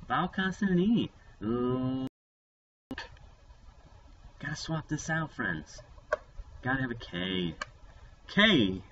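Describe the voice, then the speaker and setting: A man's voice: medium pitch, sharp tone. A man teaching young children a phonics lesson in a playful, upbeat way. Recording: distant mic, dull lo-fi sound, faint noise.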